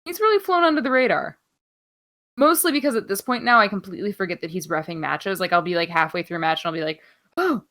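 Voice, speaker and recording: A woman's voice: fairly low pitch, fast talker, a bit bright. A woman co-hosting a podcast, chatting casually through wrestling news in an offhand, rambling way, swearing freely and filling gaps with ums. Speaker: podcast co-host.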